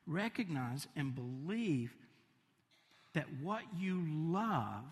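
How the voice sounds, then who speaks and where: A man preaching slowly with a slightly high voice. He swings between emphatic lines and hushed, soft ones, and his voice rings with the long reverb of a large hall. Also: big pitch swings. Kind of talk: sermon.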